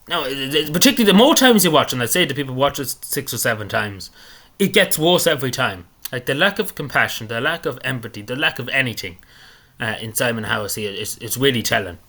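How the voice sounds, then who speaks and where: A man talks quickly and with some force in a bright tone. He rambles through an indignant commentary on a clip and keeps circling back to the same points. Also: mid-range voice. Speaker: political commentator. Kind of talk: casual commentary on a video clip.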